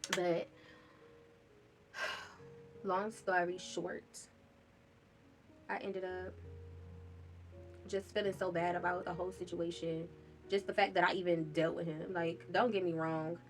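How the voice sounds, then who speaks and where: A woman's voice: lowish voice, little pitch movement, slow, pauses often, soft background music. A woman in a candid confessional vlog, talking in a raw, rambling and profane way, with sighs. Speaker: vlogger telling her own story.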